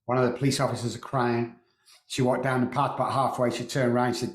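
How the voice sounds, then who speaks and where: A middle-aged man telling a painful personal story in a halting way, repeating words and often clearing his throat. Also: mid-range voice, little pitch movement, roomy sound. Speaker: guest.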